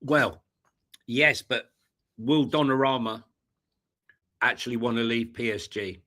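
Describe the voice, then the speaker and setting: A man co-hosting a live football show in a relaxed, conversational way. His voice is bright and forceful at a middling pitch. He hesitates a lot, trailing off on fillers before finishing his thought. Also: a little slow. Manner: hesitant, many fillers and restarts. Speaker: co-host of a football podcast. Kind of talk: casual live-stream chat.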